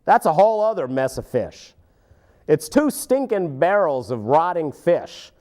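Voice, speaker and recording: A man's voice: a little high, measured pace. A man hosting a local commentary show, ranting sarcastically about politics. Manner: animated, sarcastic, mocking voices.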